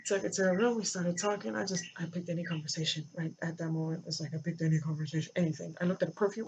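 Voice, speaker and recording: Halting vlogger telling a hard story. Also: medium pitch, flat delivery. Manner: halting, many fillers and restarts. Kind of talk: personal storytelling. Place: near a road with passing cars. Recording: dull lo-fi with faint traffic noise.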